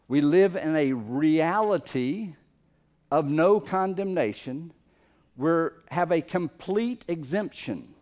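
A man delivers a sermon, hammering key words by repeating them and letting the ends of his phrases drop soft and low.

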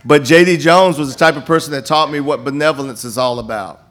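Older man preaching, slightly high voice. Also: moderate pace, long pauses, a bit bright. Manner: folksy storytelling with many repeated restarts. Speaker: campus minister. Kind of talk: church appeal and testimony. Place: church sanctuary.

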